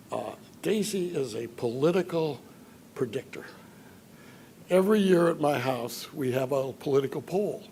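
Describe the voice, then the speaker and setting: An older man from Chicago giving an after-dinner speech, telling anecdotes with dry humor and filler pauses. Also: medium pitch, darkish tone, slight background noise. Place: banquet hall at a dinner event.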